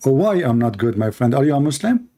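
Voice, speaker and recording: A man's voice: medium pitch, big pitch swings, quick pace, mellow. A man hosting a live call-in debate show in slightly broken English, mocking and taunting his callers.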